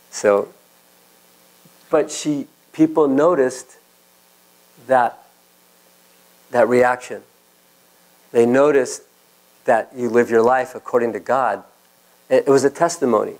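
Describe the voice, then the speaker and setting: A man's voice: mid-range voice, moderate pace, darkish tone, rough recording. A male pastor preaching a sermon, telling personal stories and acting out the voices of the people in them. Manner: storytelling, acts out quoted voices.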